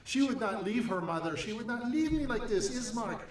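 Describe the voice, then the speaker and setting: A man voicing a distraught middle-aged village mother who begs for help in a high, strained voice. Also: expressive, moderate pace. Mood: desperate pleading. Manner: sobbing, begging, high strained voice. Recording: echoey room, distant mic.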